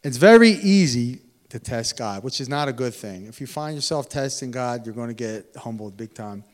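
A man preaching a sermon in a lively, animated way, swinging between loud emphatic bursts and quiet asides. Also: medium pitch, normal speed. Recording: long hall reverb.

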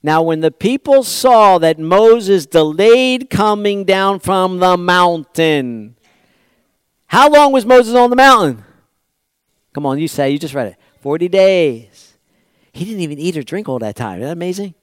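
High-voiced preacher firing off questions. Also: male voice, lively intonation, a little slow, clear, resonant tone, dry recording. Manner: asks the congregation rhetorical questions; swings from quiet to loud and emphatic. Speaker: pastor. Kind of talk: sermon.

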